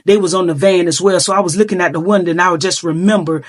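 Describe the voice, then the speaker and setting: A woman's voice: lowish voice, fairly even intonation, fast. A middle-aged woman earnestly recounting her own life story in a vlog, emotional and full of filler phrases. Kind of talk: personal storytelling.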